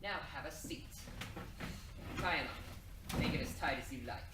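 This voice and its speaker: A man playing a weakened young hero in a stage play, speaking slowly with mocking menace. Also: a little high, lightly acted. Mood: menacing. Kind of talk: amateur stage acting. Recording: echoey room from far off, noisy.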